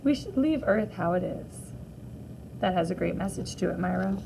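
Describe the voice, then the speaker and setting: A woman teacher reading a graphic novel aloud to children, gently reading out the captions and sound effects too. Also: fairly low pitch, lively intonation, normal speed, creaky, slight background noise, poor audio.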